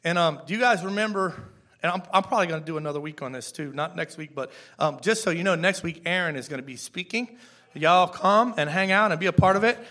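High-voiced man preaching a casual sermon. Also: quick pace, bright, forceful tone. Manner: chatty, repeats words, asks the congregation questions. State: tearful at times. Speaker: pastor.

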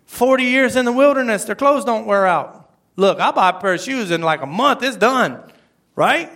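A man preaching a sermon as pastor, acting out quoted lines and swinging between loud bursts and hushed asides. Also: high-pitched, animated, normal speed.

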